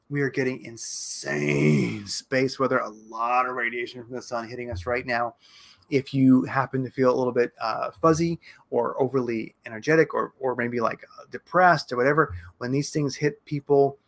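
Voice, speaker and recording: A man's voice: mid-range voice, vocal fry, a bit bright. A man commenting on crypto markets in a casual, rambling live-stream style, slangy and laughing often.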